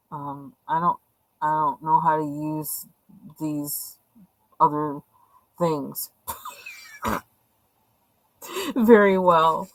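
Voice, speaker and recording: A woman's voice: lowish voice, dry recording, poor audio. A woman hosting a live coloring stream, chatting casually in a rambling, hesitant way with many fillers. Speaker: livestream host coloring. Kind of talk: casual chat while coloring.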